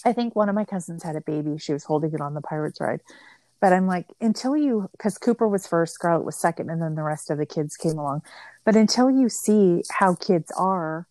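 A woman's voice: fairly low pitch, brisk, darkish tone, dry recording. A middle-aged woman, a mother and podcast guest, telling family stories in casual conversation, chatty and full of "like" fillers. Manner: chatty, storytelling with many "like" fillers.

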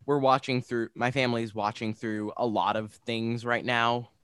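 Young guy rambling excitedly on a podcast, smooth voice, dry close mic. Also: mid-range voice, moderate pace, no echo. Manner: rambling, enthusiastic, many restarts. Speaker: podcast co-host. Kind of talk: casual podcast chat about games.

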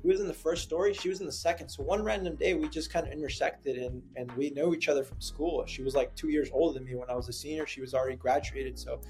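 A man's voice: on the high side, quick pace, few pauses, faint music behind. A man who works as a dating coach, telling a story in a casual podcast chat with lots of fillers. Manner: animated, filler-heavy storytelling.

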